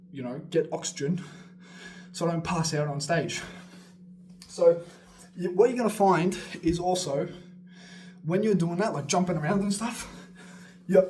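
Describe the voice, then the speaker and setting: Energetic man coaching, slightly high voice. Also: slight background noise. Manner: energetic, swearing, laughing asides, jumping around while talking. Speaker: beatbox coach. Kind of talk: casual rambling tutorial.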